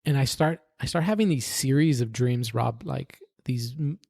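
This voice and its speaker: A man's voice: mid-range voice, moderate pace, vocal fry, a little mellow, dry recording, clean studio sound. A man, a podcast guest, earnestly tells his personal faith story in conversation, often restarting sentences and adding "right?".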